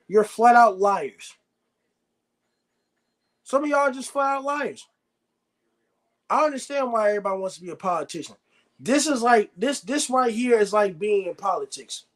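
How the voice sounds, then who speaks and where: A man's voice: high-pitched, animated, unhurried, long pauses, a bit bright. A man hosting a live sports reaction stream, ranting bluntly and repeating himself. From United States. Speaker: sports show host.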